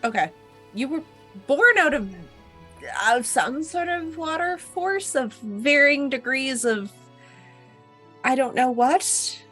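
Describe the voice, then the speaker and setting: A woman playing a tabletop game, asking halting questions. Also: high-pitched, animated, sharp tone, faint music behind. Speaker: player. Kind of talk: casual tabletop role-play.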